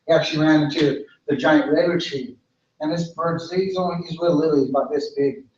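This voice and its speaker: A man's voice: fairly high pitch, steady tone. Man telling a folk tale in an echoey hall. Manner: unhurried, repetitive, with many restarts. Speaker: storyteller. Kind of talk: traditional oral storytelling. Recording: echoey, distant, lo-fi hall recording.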